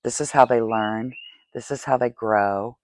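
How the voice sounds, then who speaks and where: A woman's voice: a bass voice, steady tone, measured pace, darkish tone, dry recording. A woman hosting a podcast, speaking candidly in a confessional monologue, often asking "right?". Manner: candid, tearful, asks rhetorical "right?". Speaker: podcast host.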